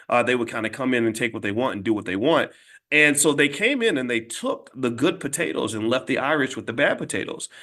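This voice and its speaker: A man talks straight to his audience in a loose, storytelling monologue. He is blunt and emphatic, often stopping to restart a thought. His voice sits in a middle pitch for a man. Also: a bit bright. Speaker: host.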